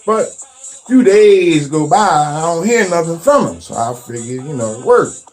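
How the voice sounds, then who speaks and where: A man telling a profane comic story as a self-styled witch doctor, drawling and animated. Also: a little high, unhurried, soft background music.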